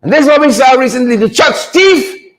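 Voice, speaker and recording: A man hosting a comedic commentary segment, teasing in a preacher-like way with drawn-out punchlines. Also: very high voice, animated, poor audio. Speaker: show host.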